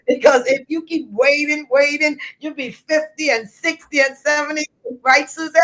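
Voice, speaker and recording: Lively Trinidadian woman giving a pep talk. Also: sits high, normal speed, poor audio. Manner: lively preacher-like call-outs. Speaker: live-stream host. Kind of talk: motivational live-stream talk.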